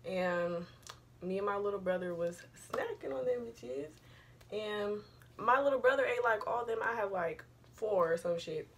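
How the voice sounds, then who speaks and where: A woman's voice: medium pitch, unhurried, fairly bright tone, a little hiss or hum. A young woman vlogger telling a personal story in a casual, rambling, profane way, full of slang.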